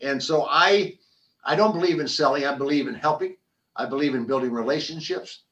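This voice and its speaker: Older man telling animated stories, slightly distant. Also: fairly high pitch, brisk. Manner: animated storyteller, frequent restarts and repetitions. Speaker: podcast guest, former football player and business founder. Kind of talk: conversational interview storytelling.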